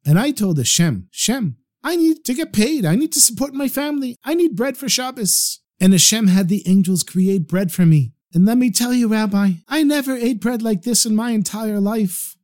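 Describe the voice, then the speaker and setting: A man's voice: sits high, animated, normal speed, hardly any pauses, a little mellow, pitched above the performer's own voice. A man voicing a poor synagogue caretaker who talks in a chatty, folksy, complaining way. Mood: defensive.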